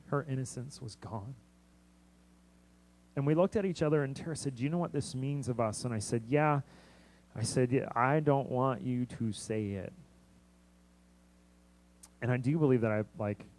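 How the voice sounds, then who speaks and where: A young adult man, a missionary pastor, preaching a sermon as a story, acting out the dialogue and swinging between hushed, quiet passages and loud, urgent ones. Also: medium pitch, poor audio.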